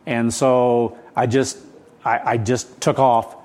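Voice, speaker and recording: A man in his seventies preaching a sermon, rushed and rambling with frequent restarts, keyed up and hurried. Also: medium pitch, little pitch movement, a little mellow. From United States. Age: 70s. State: adrenaline-charged, hurried. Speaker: pastor. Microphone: camera set up for recorded service.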